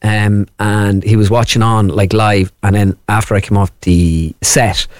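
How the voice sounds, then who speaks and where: A man with a Midlands Irish accent, chatting casually as a comedian guest in an interview, rambling with quick asides. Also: lowish voice, little pitch movement, no echo, clean studio sound.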